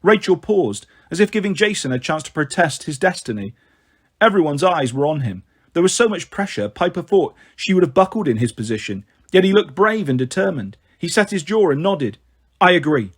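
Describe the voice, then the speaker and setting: A man reading a fantasy novel aloud as narration, slowing down for the verse lines. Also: fairly high pitch, sing-song, slightly rough. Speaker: audiobook reader. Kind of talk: storybook narration with light character voices.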